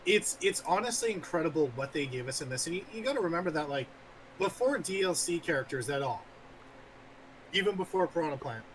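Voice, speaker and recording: A man co-hosting a gaming podcast, chatting in a lively, agreeable way. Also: on the high side, slight background noise, rough recording. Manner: lively, agreeable, quick to laugh. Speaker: podcast co-host. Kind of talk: casual chat.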